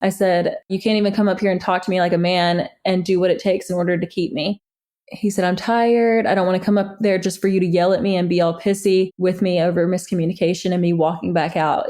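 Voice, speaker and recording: A woman's voice: fairly low pitch, a little mellow. A woman candidly recounting a painful relationship, reading old text messages aloud with exasperation. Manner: candid, exasperated, laughs at times. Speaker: interviewee recounting her story. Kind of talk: personal storytelling, reading texts aloud.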